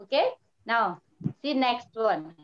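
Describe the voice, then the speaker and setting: A woman teacher who speaks slowly and patiently, repeating words for young pupils. Her voice sits fairly high, and the recording is dull and lo-fi. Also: animated. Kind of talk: online primary school lesson.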